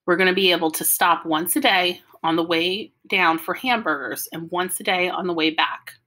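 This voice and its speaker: A woman reading an audiobook, voicing a mother who calmly reads out a carefully organized plan for a family road trip. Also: fairly low pitch, moderate pace. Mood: planning. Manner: orderly, matter-of-fact, explaining.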